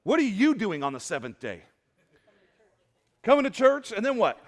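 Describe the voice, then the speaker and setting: A man preaching a sermon to a church congregation, animated and asking the crowd questions, sometimes rising to loud exclamations. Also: high voice, moderate pace, long pauses. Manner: asks the congregation questions and waits for answers. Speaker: pastor. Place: church sanctuary before a congregation.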